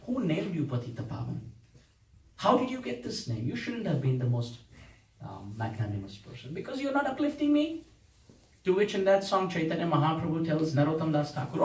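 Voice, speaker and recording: A man's voice: fairly high pitch, big pitch swings, brisk, a little mellow. A man giving a devotional lecture, telling a saints' story with dramatic, emotional dialogue. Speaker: spiritual teacher. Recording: echoey room, voice from a distance.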